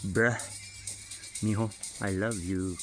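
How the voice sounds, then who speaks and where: A man's voice: lowish voice, fairly even intonation, takes it slowly, soft background music. A man, a father, tells a rambling, profane story in a casual way, with many fillers. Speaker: father giving a family update.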